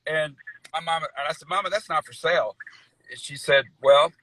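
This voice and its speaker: A man's voice: a little high, a little fast, bright, forceful tone, slight background noise, poor audio. A middle-aged man, telling stories in a folksy, rambling way, full of fillers, on a video call interview. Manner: folksy storyteller, says y'all, many fillers. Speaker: guest country singer. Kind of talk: casual interview chat.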